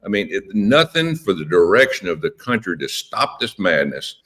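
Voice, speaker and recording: A man's voice: low voice, big pitch swings, moderate pace, fairly bright tone. A man speaking as a politician guest on a radio interview, impassioned and emphatic, often repeating words.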